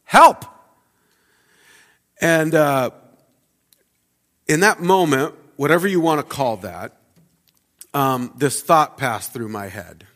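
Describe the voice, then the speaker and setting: Taking it slowly and pausing often, a man in his thirties preaches a reflective, conversational sermon peppered with fillers. He's a pastor with a mid-range, fairly bright voice, recorded amid the long reverb of a church sanctuary.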